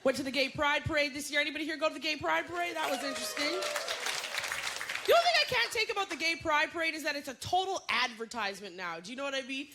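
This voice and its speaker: A woman comedian performing a stand-up set on a club stage, animated and jumping into shrill impressions. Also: quick pace, a crowd in the background, noisy background. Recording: loud audience laughter and room ambience.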